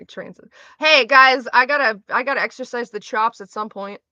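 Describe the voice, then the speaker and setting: A young woman chats loosely with her stream, her voice bright and pitched a little high, hopping between thoughts and cursing casually. The mic is dry and close, with a slightly dull, lo-fi sound. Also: moderate pace, no echo. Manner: rambling, swears freely, trails off mid-sentence. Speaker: livestreamer reading chat. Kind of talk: casual chat with a live audience.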